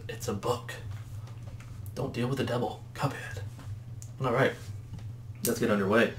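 A man's voice: medium pitch, fairly even intonation, unhurried, long pauses. A man hosting a let's play, chatting casually and rambling, often correcting himself. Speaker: gaming channel host. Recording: roomy echo, faint background noise.

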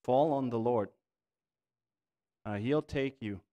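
German-accented pastor preaching in a reverberant hall. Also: male voice, medium pitch, slow pace, dull audio. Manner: earnest, pleading, rising in intensity. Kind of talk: sermon and prayer. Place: church sanctuary.

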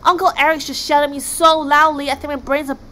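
Woman doing gentle dreamer Snorri. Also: high voice, level tone, fast, pitched above the performer's own voice. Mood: earnest. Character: gentle dreamy young male Viking.

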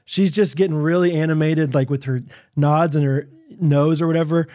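Podcast co-host, male, thirties, higher-pitched, laughs often, animated storyteller. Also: moderate pace. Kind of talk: casual chat.

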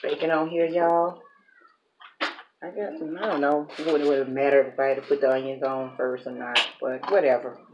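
A chatty mukbang vlogger with a low voice talks to the camera as she cooks at her home grill, muttering through her steps and laughing at her own mistakes. Her tone stays level at a normal speed. The highs are cut off, and there's background noise.

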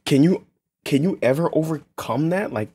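A man's voice: fairly high pitch, expressive, moderate pace, mellow, husky. A young man reacting to an anime episode, casual and profane, anxiously exclaiming and pleading. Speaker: reaction video host. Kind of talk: live reaction commentary.

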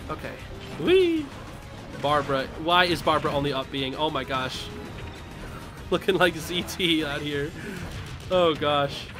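A young man live-streaming a game, commenting casually and yelling and laughing at the action. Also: on the high side. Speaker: streamer playing online matches.

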